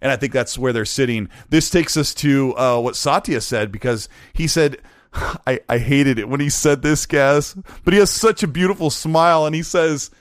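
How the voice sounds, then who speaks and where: A man's voice: mid-range voice, moderate pace, no echo. 40s guy cohosting a gaming podcast, jokey and rambly, dry close mic. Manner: animated, joking, rambling. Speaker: podcast co-host. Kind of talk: casual gaming chat.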